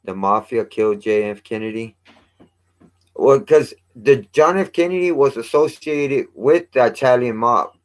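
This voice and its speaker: A man at an average pitch, talking off the cuff as a vlog host. He rambles, restarts sentences mid-thought and drops casual swear words along the way. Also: a little slow.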